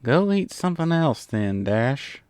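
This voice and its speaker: A man's voice: mid-range voice, big pitch swings, unhurried, darkish tone, clear, resonant tone, dry recording, clean studio sound, voice pushed up. A man voicing a blunt, sleepy country mare with a put-on Southern drawl, grumbling dryly in a storybook reading. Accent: American Southern (put on). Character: blunt sleepy country female earth pony.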